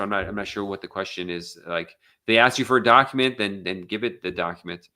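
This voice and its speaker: Bright-voiced American man answering questions. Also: deep voice, fairly quick. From United States. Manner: loose and conversational, with many fillers and restarts. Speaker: immigration attorney hosting a live Q&A. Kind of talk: casual live Q&A, reading viewer questions.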